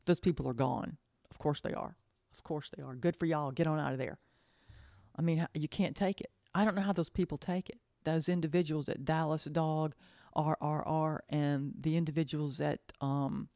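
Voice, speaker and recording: A woman's voice: deep voice, dark tone, no room sound, clean studio sound. A woman talking in a casual monologue, earnest and emotional, often repeating herself and restarting her sentences. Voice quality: halting, repeats phrases, trails off and restarts. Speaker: podcast host.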